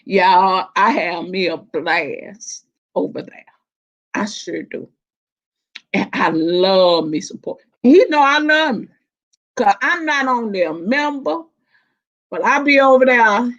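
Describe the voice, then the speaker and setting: A woman chatting casually on a live stream panel, animated and laughing often, with colloquial slang. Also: medium pitch, slow pace. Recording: dull lo-fi stream audio.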